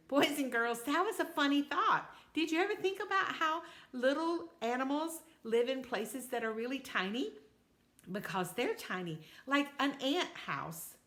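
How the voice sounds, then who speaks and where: Older woman, children's storyteller, lively sing-song pitch, high, bright tone. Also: measured pace. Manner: animated, sing-song, talking straight to kids.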